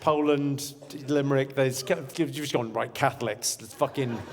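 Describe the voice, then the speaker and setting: A man's voice: mid-range voice, steady tone, moderate pace, gravelly, a little hiss or hum. A man doing stand-up crowd work, teasing audience members in a brash, profane way. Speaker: stand-up comedian. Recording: live show in a large hall with loud crowd.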